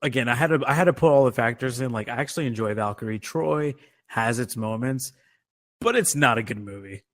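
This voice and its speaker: Man, podcast co-host, mid pitch, casual and profane, chatty. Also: a little fast, a bit bright. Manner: loose, profane, laughs easily. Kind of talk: casual movie chat.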